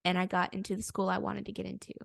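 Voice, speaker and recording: A woman's voice: medium pitch, flat delivery, rapid-fire, creaky, dry recording. A young woman co-hosting a podcast, telling a story in casual chat, bubbly and laughing often. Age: young adult. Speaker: podcast co-host.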